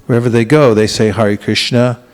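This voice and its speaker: Unhurried man teaching a congregation. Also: medium pitch, steady tone. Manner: gentle, unhurried, with frequent restarts and questions to the audience. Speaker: spiritual teacher. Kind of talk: talk to a congregation. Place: temple hall.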